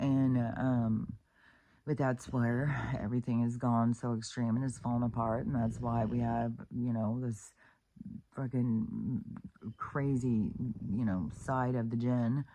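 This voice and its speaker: A woman's voice: very deep voice, vocal fry, dark tone, a little hiss or hum. A woman vlogging in a rambling, profane, casual rant, full of fillers and restarts, exclaiming in disbelief.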